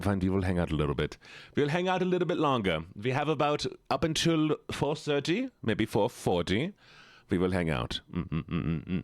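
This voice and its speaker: A man's voice: fairly low pitch, no room sound, clean studio sound. A man streaming live, chatting casually and teasingly with his viewers. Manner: playful, teasing, talks straight to chat.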